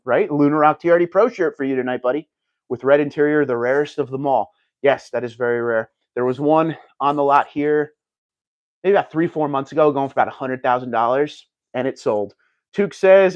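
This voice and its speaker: A man's voice: mid-range voice, no room sound, dull audio. A man hosting a casual livestream, chatting and reading viewer comments aloud. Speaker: livestream host reading chat.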